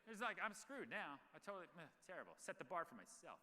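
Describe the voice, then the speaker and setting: A man in his thirties tells stories on stage in a bright, forceful voice that swings widely in pitch. He talks with plenty of fillers, and the sound carries the long reverb of a large event hall. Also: quick pace. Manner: animated storytelling with many fillers. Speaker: guest speaker. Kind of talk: live on-stage Q&A.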